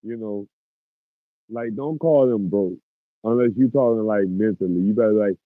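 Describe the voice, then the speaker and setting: A man's voice: lowish voice, moderate pace, no echo, phone-quality sound. A man hosting a podcast in casual, profane talk, looping back over his words and restarting phrases as he goes. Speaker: podcast host.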